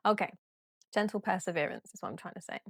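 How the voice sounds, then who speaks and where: Chatty, giggly woman leading gentle yoga. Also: fairly low pitch, lively intonation, fast talker, vocal fry, no echo, studio quality. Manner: chatty, giggly, apologetic, yawning. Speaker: yoga teacher. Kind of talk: casual guided yoga class.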